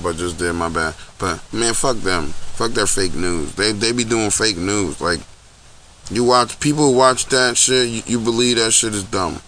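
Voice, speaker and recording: Young man, lowish voice, casual podcast rant, profane and blunt, cheap home mic, faint background hum. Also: fairly bright tone. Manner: blunt, profane, repetitive ranting. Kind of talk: casual commentary. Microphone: low-end home recording setup.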